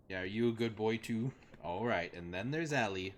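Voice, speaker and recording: A man's voice: lowish voice, normal speed, hardly any pauses, a little hiss or hum. A young man chatting casually on a live game stream at his desk at home, rambling with lots of fillers and talking sweetly to his dogs.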